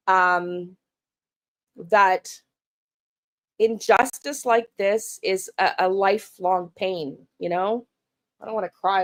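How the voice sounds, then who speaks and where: A middle-aged woman from Canada speaks in a personal vlog monologue. She restarts often and repeats words as she goes. Her tone is frustrated and blunt, with casual swearing. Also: medium pitch. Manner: halting and emotional, frequent restarts and repeated words. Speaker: true crime channel host.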